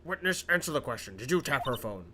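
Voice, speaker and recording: A man's voice: medium pitch, sing-song, fast, loud music behind the voice, lightly acted. A man voicing a stern older male judge in a game voice-over, speaking formally.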